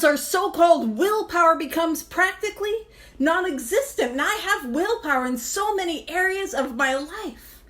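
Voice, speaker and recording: A woman's voice: high-pitched, fairly bright tone. A woman in her thirties hosting a recovery book study, talking casually, laughing often and poking fun at herself. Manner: chatty, self-mocking, laughs often. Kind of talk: casual teaching talk.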